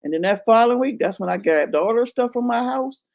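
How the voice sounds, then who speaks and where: Gravelly-voiced woman in her fifties, chatting. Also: on the high side, expressive, brisk, a little mellow. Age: 50s. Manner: frank, profane storytelling, laughing and acting out quotes. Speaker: channel host. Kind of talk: casual storytelling chat.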